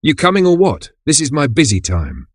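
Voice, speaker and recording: A man voicing a blunt, deadpan rideshare driver in a horror story. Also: fairly high pitch, moderate pace, no echo, studio quality, pitched above the performer's own voice. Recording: background music under voice.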